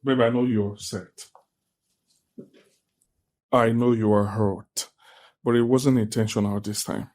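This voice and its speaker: An actor with a Nigerian accent playing a tired, busy husband who pleads with his wife to calm down. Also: on the low side, a little slow, pauses often, natural voice. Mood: weary. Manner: weary, pleading. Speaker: actor in a film. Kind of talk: film drama acting.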